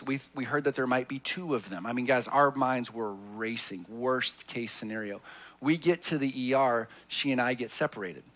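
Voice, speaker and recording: A man preaching a sermon as pastor, telling a personal story in an earnest voice that swings from hushed to emphatic. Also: mid-range voice.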